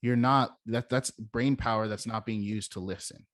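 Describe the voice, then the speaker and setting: A young man with a somewhat low voice coaches sales skills in an easygoing, emphatic style, acting out lines to show how stress changes meaning. The sound is dry and close, with little room echo. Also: steady tone, normal speed, a bit bright. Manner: emphatic, demonstrates phrasings by stressing different words. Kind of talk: casual instructional talk.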